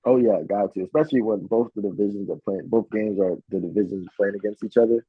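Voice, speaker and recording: A man's voice: on the low side, fast talker, slightly rough, dry recording. A man co-hosting a casual sports betting chat, swearing freely and telling stories with animation. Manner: profane, animated storytelling. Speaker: podcast co-host. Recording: tinny phone-like sound.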